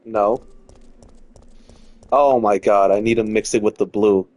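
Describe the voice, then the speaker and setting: A man's voice: fairly low pitch, fairly even intonation, measured pace, darkish tone, no room sound. A man giving casual let's-play commentary as he plays, rambling, repeating himself and swearing freely. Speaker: gaming streamer.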